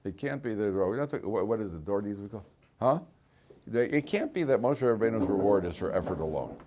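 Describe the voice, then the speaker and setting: A rabbi teaching a Torah class to students in a classroom, acting out voices from the story and breaking off to speak to the students directly. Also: male voice, fairly low pitch, fairly quick, slight background noise. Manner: animated, acts out voices of people in the story.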